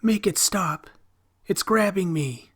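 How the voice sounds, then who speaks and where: A man's voice: on the high side, lively intonation, unhurried, breathy edge, voice pushed up. A man voicing an eerie young boy with shining eyes, rising to frightened screams. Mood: terrified.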